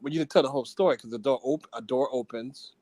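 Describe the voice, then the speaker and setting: Male podcast co-host, casual chat, playfully contrary, mid-pitched, dry close sound. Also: quick pace, a little mellow, breathy edge, dry recording, poor audio. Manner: playfully contrary, repeats himself while arguing.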